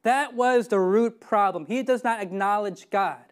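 A woman's voice: medium pitch, a little slow. A woman preaching a sermon, emphatic and often putting questions to her listeners. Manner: emphatic, asks the congregation questions.

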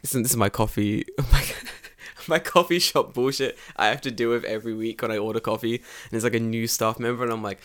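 Profane, animated man telling stories. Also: mid-range voice, a little fast. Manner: profane, animated storytelling with mimicked voices. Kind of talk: casual chat.

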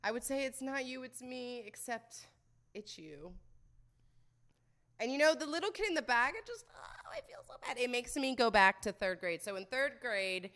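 Smooth-voiced young woman, crude and joking. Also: a little high, big pitch swings, normal speed, a bit bright. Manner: blunt, crude, joking, swears a lot. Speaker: solo vlogger. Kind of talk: casual monologue.

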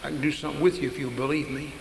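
This is God as a stern yet patient voice, steady and firm, as a preacher puts it on. The voice drops low and quiet. It echoes through a large hall over a faint hiss. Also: male voice, rapid-fire, vocal fry. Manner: lowered, calm, firm.

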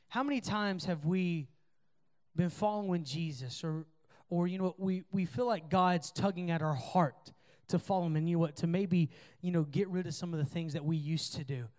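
A young man with a high-pitched voice delivers a youth sermon. He talks earnestly and casually, filling his speech with asides and restarts as he addresses the students directly. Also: moderate pace, darkish tone. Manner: earnest, conversational preaching with many fillers. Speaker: youth pastor.

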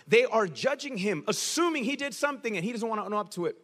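A man preaching a sermon in a casual, slangy, animated storytelling way. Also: high-pitched, fast, big-room sound.

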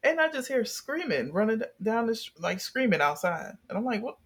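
A young adult in a casual chat, telling a story with lively energy and plenty of swearing. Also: mid-range voice, fairly quick, breathy edge. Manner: animated storyteller, swears freely.

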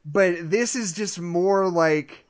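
A young man hosting a casual film review podcast, animated and laughing, swearing freely. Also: sits high, slow pace, clear, resonant tone. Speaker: podcast host.

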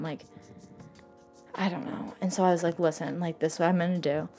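A woman's voice: lowish voice, fairly even intonation, fairly quick, pauses often, dark tone, soft background music. A young woman telling a personal story in casual talk, rambling and saying "like" constantly. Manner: says "like" constantly, rambling and emotional. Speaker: interviewee telling her story.

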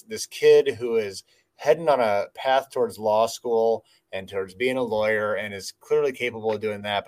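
Low-voiced man rambling on a podcast. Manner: rambling, filler-heavy, reflective. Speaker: podcast co-host. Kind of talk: casual podcast chat.

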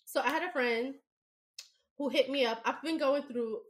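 A young woman co-hosting a podcast, telling a story in a blunt, profane, animated way. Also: sits high, moderate pace. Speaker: podcast co-host. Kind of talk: casual podcast chat.

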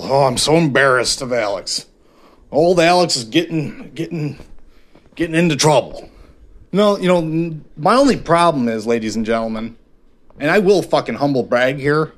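His voice is mid-range with a fairly bright tone. Alone on his own podcast, this host rambles through a candid, confessional monologue, swearing nonstop, leaning on fillers, and often poking fun at himself.

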